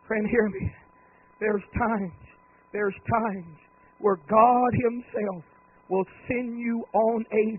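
High husky preacher, tinny sound. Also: male voice. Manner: swings from low talk to rising, shouted, drawn-out cries; folksy humorous storytelling. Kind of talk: holiness sermon. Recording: tinny phone-like lo-fi recording.

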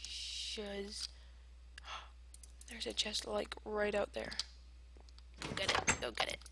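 A woman giving casual gameplay commentary, rambling in silly self-talk and arguing with herself, swinging between whispered asides and loud outbursts. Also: mid-range voice, lively intonation, slow, vocal fry. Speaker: gamer playing online survival matches. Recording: noisy home recording with clicks.

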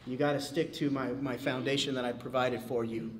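A man voicing God as a calm, firm, fatherly figure who speaks quietly and gently corrects. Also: mid-range voice, brisk, slight background noise, voice pushed down, lightly acted.

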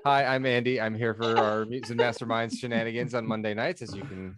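A man's voice: medium pitch, steady tone, fast, a loud crowd. A man, a player on a tabletop game stream, talking casually and thinking aloud with many hesitations. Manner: musing, hesitant with fillers.

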